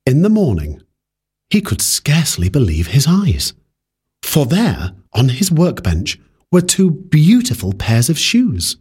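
A man reading a fairy tale aloud in a measured, expressive way. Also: fairly high pitch, husky. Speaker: storyteller.

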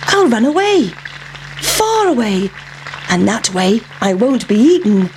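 A runaway pancake from a storybook taunts its chasers in a high, squeaky, pushy voice, as a woman reader puts it on. It is bold and boastful, and it speaks out loudly. Behind it there is a faint hiss. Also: sing-song, unhurried. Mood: defiant. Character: cheeky runaway talking pancake.

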